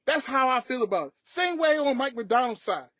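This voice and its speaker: A man's voice: extremely high pitch, animated, a little fast, fairly bright tone, dry recording. A man co-hosting a sports podcast, ranting emphatically in casual talk. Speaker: podcast co-host.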